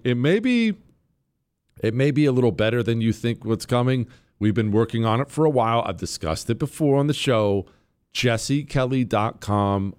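A man hosting a political talk radio show, delivering a combative, sarcastic monologue and slowing down to hammer his points. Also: mid-range voice, a little mellow, clean tone. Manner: combative, sarcastic, emphatic, slows down to stress points.

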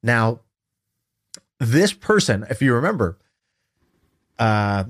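A man's voice: mid-range voice, slow pace. A man in his thirties co-hosting a casual podcast chat, telling a story with animation and acting out what people said. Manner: animated storytelling, acts out quoted voices. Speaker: podcast co-host.

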